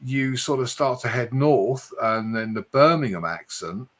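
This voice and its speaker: A man with an accent that mixes Essex and London, hosting a late-night live stream in a chatty way and speeding up when he gets excited. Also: mid-range voice, unhurried. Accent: mix of Essex and London English. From Hertfordshire, England. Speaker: livestream host.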